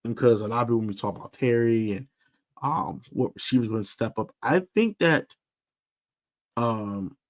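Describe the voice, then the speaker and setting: At normal speed and medium pitch, a man hosts a live stream football preview for a sports podcast. He's emphatic and animated, sprinkling in fillers and repeating things for emphasis.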